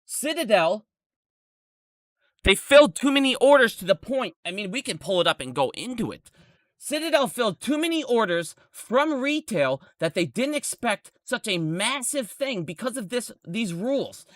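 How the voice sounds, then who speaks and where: A man's voice: sits high, sing-song, moderate pace, no echo, clean studio sound. A man in his thirties ranting on a live stream, angry and heavily profane. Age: 30s.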